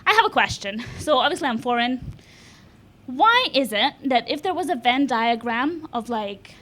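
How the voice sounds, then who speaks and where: A young woman from Lithuania doing a live stand-up set in a comedy club, with deadpan, self-mocking delivery and laughs at her own jokes. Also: high voice, moderate pace.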